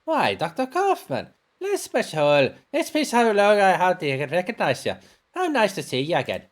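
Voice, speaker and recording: A man voicing an elderly female housekeeper, kindly and fussy, with a put-on German accent and a high fluttery voice. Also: wildly swooping pitch, moderate pace. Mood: delighted.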